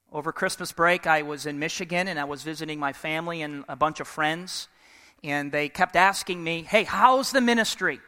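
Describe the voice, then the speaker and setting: High, bright-voiced preacher in a reverberant hall. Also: male voice, smooth. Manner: energetic, call-and-response with congregation. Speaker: pastor. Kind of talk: sermon. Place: church sanctuary.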